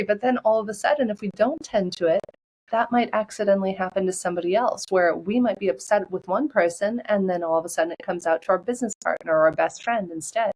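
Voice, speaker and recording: A woman podcast guest and coach talking in an animated, upbeat, storytelling way in a casual interview. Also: a little high, quick pace, rough recording.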